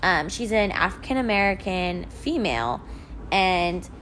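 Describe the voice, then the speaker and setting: A woman's voice: on the low side, lively intonation, unhurried, a bit bright, slight background noise, poor audio. A young woman co-hosting a podcast, chatting enthusiastically with frequent "um" and "like". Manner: enthusiastic, lots of likes and ums. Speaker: podcast co-host. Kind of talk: casual chat.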